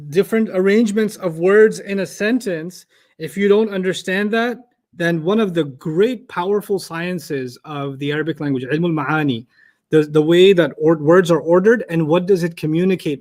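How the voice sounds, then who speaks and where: A man teaching an Arabic lesson to a class, explaining word order with lively made-up examples and questions to the students. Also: fairly high pitch, moderate pace. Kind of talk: classroom lecture.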